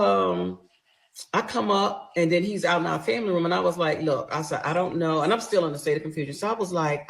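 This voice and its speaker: A woman's voice: sits low, rough recording. A middle-aged woman from the Atlanta area, casually telling her story to viewers and acting out both sides of the argument. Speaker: storyteller recounting her marriage.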